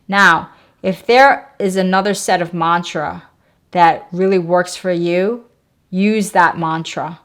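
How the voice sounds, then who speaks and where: A woman with a slightly low voice guides the listener through self-help steps. She speaks calmly and steadily, like a teacher, and repeats her key phrases so they sink in. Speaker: wellness channel host. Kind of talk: self-help talk to camera.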